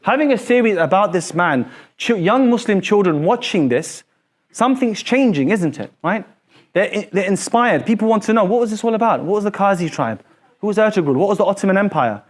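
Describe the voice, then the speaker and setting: A high-voiced male teacher lectures a classroom. He talks in an animated way, pressing his students with repeated questions like "so what?" and "why is that important?". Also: a little fast.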